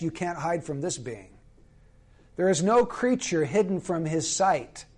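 A man preaching a sermon in an earnest, emphatic way, slowing down to stress key phrases. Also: sits high.

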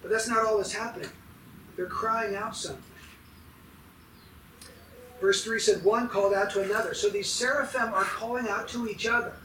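A man's voice: high voice, steady tone, moderate pace, pauses often, sharp tone, roomy sound, recorded from a distance, a little hiss or hum, rough recording. A man preaching a sermon as pastor, emphatic and putting questions to his congregation.

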